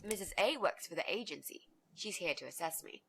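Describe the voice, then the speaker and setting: An actress playing a brash young woman student who talks her way in as a babysitter, bold and quick to take charge. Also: lowish voice, animated, creaky, a little hiss or hum. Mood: confident.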